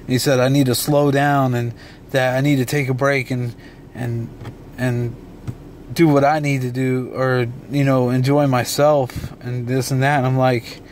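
A man's voice: mid-range voice, fairly even intonation, moderate pace, darkish tone, slight background noise. Laid-back young man rambling casually. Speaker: vlogger and beatmaker. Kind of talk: casual vlog monologue. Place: dark room at home.

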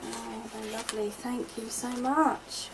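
A middle-aged woman gushing softly as she opens a parcel at home, with lots of delighted exclamations. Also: a little high, steady tone, slow, background noise. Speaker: vlogger opening happy mail. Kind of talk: unboxing chat. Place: at home in a conservatory.

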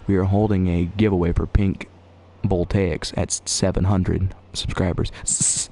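A man streaming a game, chatting casually with viewers in a goofy, rambling way that jumps into excited yelps. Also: deep voice, moderate pace, gravelly. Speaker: gaming streamer. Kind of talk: casual live-stream chat.

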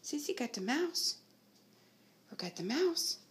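A woman's voice: high-pitched, sing-song, unhurried. A woman at home talking to her dogs in a coaxing, playful way, asking them lots of questions. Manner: coaxing, playful pet talk with many questions. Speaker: dog owner. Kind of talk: casual home video talking to pets.

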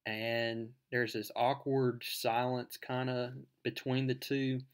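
A man's voice: mid-range voice, flat delivery, slow pace, clear, resonant tone. A man casually retelling a comic book issue in a chatty, amused way.

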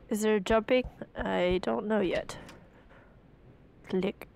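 A woman's voice: mid-range voice, fairly even intonation, slow pace, vocal fry, long pauses, a little mellow, dull audio. A woman casually commenting on a game she is playing, chatty and self-mocking. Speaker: gaming channel host.

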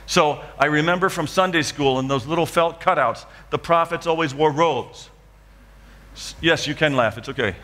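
A man's voice: fairly high pitch, moderate pace, sharp tone, long reverb tail, slight background noise. A man preaching a dramatic testimony in church, acting out scenes from his story. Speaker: guest preacher. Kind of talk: sermon testimony.

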